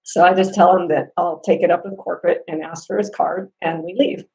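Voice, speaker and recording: A woman recounts a maddening customer-service run-in in a casual spoken review, her voice carrying a gravelly rasp. She tells it with animated energy, laughing between lines and acting out what people said. Underneath she sounds upset and close to tears. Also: fairly low pitch, brisk, rough recording. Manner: animated storytelling with laughs and acted-out quotes. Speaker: customer telling a complaint story.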